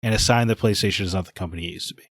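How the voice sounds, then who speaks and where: A man's voice: lowish voice, very fast, a bit bright, no echo, clean studio sound. A man co-hosting a gaming podcast, talking in blunt, opinionated casual chat. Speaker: podcast co-host.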